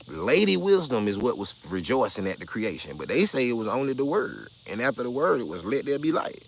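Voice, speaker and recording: Blunt, profane man ranting on a live stream. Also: medium pitch. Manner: blunt, profane, argumentative, repeats himself. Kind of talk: casual live stream rant.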